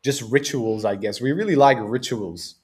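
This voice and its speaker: A man's voice: mid-range voice, normal speed, a little mellow, husky. A man with an easygoing Australian accent hosts a casual podcast conversation. His talk wanders loosely, full of asides. He laughs easily and keeps a mid-range voice. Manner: laid-back, rambling, laughs often. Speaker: podcast host. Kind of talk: casual chat.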